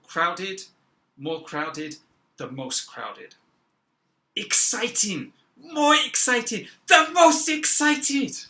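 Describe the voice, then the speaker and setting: A man teaching an English grammar lesson, speaking slowly and stressing each example word. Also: on the high side, bright, forceful tone, low-quality recording. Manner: slow, deliberate, stressing example words. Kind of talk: classroom-style grammar lesson.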